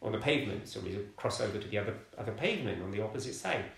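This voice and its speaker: A middle-aged man from London telling his life story in an interview, halting and repeating words as he searches for them. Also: fairly low pitch, animated, creaky, fairly bright tone. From London, England. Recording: roomy echoey room.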